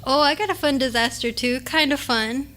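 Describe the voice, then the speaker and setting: A woman's voice: high voice, normal speed, pushed and bright. A young adult woman co-hosting a podcast, telling a story in casual chat with lots of swearing and laughter. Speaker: podcast co-host.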